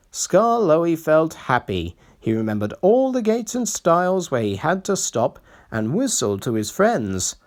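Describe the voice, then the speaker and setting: A children's story about railways is read aloud at an unhurried pace, the reader's pitch lively and the delivery expressive.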